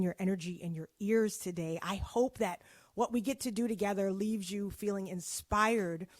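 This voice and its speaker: A woman's voice: medium pitch, no room sound. Conversational woman giving a motivational keynote. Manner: conversational with playful asides. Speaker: keynote speaker.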